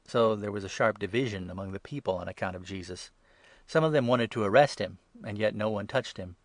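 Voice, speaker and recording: A man giving a measured, even scripture reading. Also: on the low side, dry recording. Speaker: reader.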